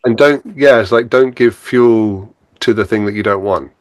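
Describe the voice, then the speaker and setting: Low-voiced reflective man, dry sound. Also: moderate pace, no echo. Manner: reflective, laughs often, acts out his own inner thoughts. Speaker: podcast guest, spiritual teacher. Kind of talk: casual spiritual conversation.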